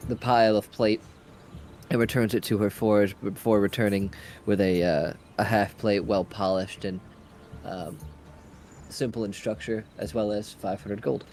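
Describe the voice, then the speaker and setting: Low-voiced man running a tabletop game. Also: steady tone, darkish tone, soft background music. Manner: halting, with ums between phrases. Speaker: game master.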